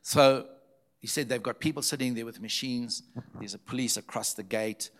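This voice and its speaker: A man's voice: medium pitch, normal speed, a bit bright. A man, a preacher, earnestly recounting a story as a testimony and repeating phrases for emphasis.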